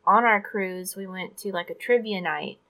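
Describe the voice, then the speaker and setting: A woman's voice: mid-range voice, moderate pace, a bit bright. A woman co-hosting a podcast, chatting casually and making joking asides. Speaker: podcast co-host.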